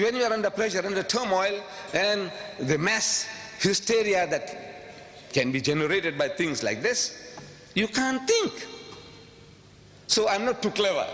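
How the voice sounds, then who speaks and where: A man giving a public lecture to an audience, emphatic and rhetorical, repeating phrases and swinging from quiet asides to sudden high outbursts. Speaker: public speaker. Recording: long hall reverb, faint background noise.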